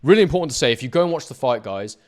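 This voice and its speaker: A man's voice: medium pitch, lively intonation, very fast. A man analysing boxing footage, speaking emphatically and addressing his viewers directly. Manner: emphatic, talks straight to viewers. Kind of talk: talking over fight footage.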